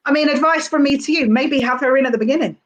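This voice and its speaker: A woman's voice: high-pitched, fast talker, lo-fi sound. Chatty rambling woman comedian. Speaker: stand-up comedian, podcast guest. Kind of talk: casual podcast chat.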